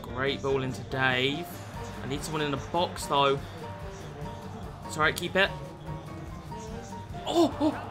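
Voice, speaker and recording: A man commentating his football video game with excitable, sweary energy, calling viewers lads. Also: medium pitch, a little slow, long pauses, over music. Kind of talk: gameplay commentary.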